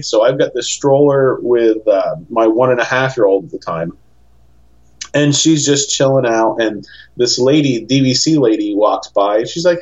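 A man, a podcast guest, telling stories in a rambling, animated chat and acting out the voices of people he quotes. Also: mid-range voice, normal speed, highs cut off. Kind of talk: casual storytelling chat.

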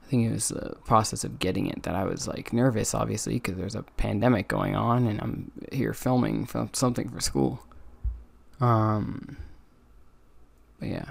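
Yawning and tired, a young man rambles through a casual solo podcast review, peppering it with ums and self-critical remarks. He speaks at a moderate pace in a lowish, steady voice that is gravelly with a breathy edge, and the recording is dry.

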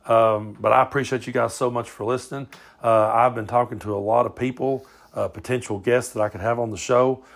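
A Southern American man hosts his own small podcast, talking straight into his phone in a loose, drawling ramble. His voice carries a gravelly fry, and he swears freely and casually as he goes. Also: medium pitch, steady tone, fairly quick. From southern United States. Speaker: podcast host.

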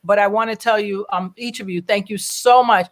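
A talk show host in relaxed conversation with guests, telling a personal story in a chatty, animated way. The voice sits at an average pitch and switches into quoted voices as the host goes. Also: normal speed. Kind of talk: casual group discussion.

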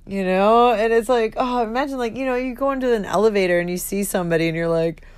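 A woman in her thirties talks into a close podcast mic, giggly and expressive, dropping swear words without a pause. Her voice sits in a middle register and the sound is dry, with no room around it. It is a candid, unscripted solo monologue. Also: medium pitch, smooth, no echo. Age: 30s. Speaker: podcast host.

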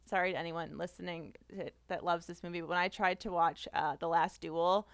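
A woman's voice: fairly low pitch, fairly quick, gravelly, dry recording. A woman from the Boston area, a guest on a film podcast, talking animatedly with lots of "like" and frequent laughs. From Boston area, USA. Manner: animated, laughs often, many "like" fillers. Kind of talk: casual film podcast chat.

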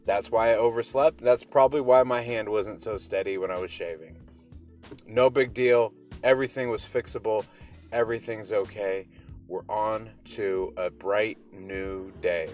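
A man's voice: lowish voice, fairly even intonation, unhurried, a little mellow. A man hosting his morning podcast, talking casually in an upbeat, rambling, motivational way over faint music. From Pacific Northwest. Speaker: podcast host.

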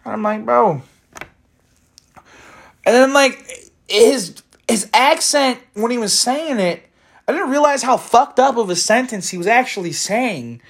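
A man's voice: very high-pitched, expressive, normal speed. A man rambling profanely through a solo podcast, cracking wry jokes and breaking into rants. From Chicago area. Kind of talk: casual rambling monologue.

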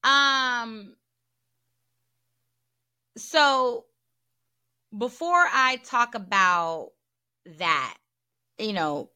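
A woman's voice: on the high side, lively intonation, drawn-out words, long pauses, bright, forceful tone, clean tone. A woman hosting a candid solo podcast, talking bluntly and profanely and repeating her points for emphasis. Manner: blunt and profane, talks frankly. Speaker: podcast host.

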